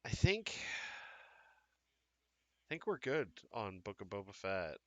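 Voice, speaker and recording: A man's voice: fairly low pitch, big pitch swings, takes it slowly, fairly bright tone, no room sound, dull audio. A man co-hosting a live fan talk show, chatting casually with frequent fillers and restarts. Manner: rambling, many fillers and restarts. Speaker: podcast co-host. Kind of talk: casual live-stream chat.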